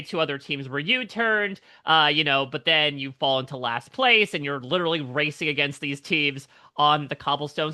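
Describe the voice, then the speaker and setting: A male interviewer with a sharp, bright tone and a somewhat high pitch. He talks conversationally, recapping what happened and filling gaps with "you know." His questions are long and build up to the point. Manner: conversational, recapping events with many fillers. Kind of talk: entertainment interview.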